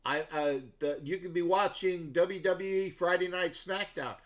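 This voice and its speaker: A man with a somewhat high speaking voice hosts a sports show livestream. He talks loosely to his viewers and rambles from story to story. He often restarts his sentences and breaks off into asides. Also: fairly even intonation, unhurried. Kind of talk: casual rambling livestream chat.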